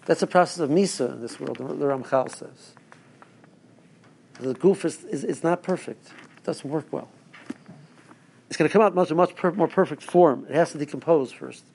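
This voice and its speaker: A man's voice: a little high, vocal fry, a little mellow, slight background noise. A man, a rabbi, giving a rambling Torah talk to his listeners with stories and asides. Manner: rambling, restarts, storytelling asides.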